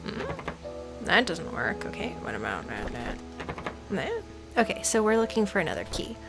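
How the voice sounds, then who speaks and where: A woman's voice: mid-range voice, very animated, moderate pace, creaky. A woman gamer giving playful, dramatic let's-play commentary. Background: game music.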